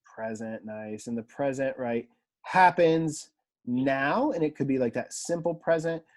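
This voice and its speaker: A man teaching a language class in a relaxed lecture style, chatty and self-deprecating, often quizzing his students. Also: medium pitch, measured pace. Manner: conversational, self-deprecating, asks the class questions. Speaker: Greek teacher.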